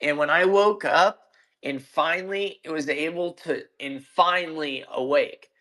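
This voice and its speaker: A man recounts his story in casual chat over an audio call, taking his time with each phrase. His voice sits fairly high and has a bright edge, and his delivery is profane and emphatic, full of restarts. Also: measured pace. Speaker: guest. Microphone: own mic on a social audio call.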